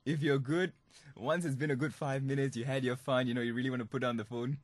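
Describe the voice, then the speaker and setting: Talking fast in a steady, mid-range voice, this young adult from Singapore runs a comic monologue on a student radio podcast. He's mischievous and playful, frequently breaking into laughter.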